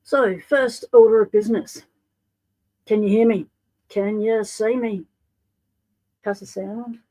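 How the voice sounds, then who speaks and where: A woman's voice: medium pitch, fairly even intonation, takes it slowly, warm tone, poor audio. A woman with an Australian accent hosting a casual livestream, chatting and greeting viewers by name. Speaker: livestream host.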